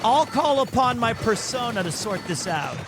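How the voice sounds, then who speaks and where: Man, high pitch, hoarse, casual streamer chat, rambling, excitable, self-deprecating, clear music behind. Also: moderate pace. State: hoarse, voice partly lost. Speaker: game streamer. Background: game music.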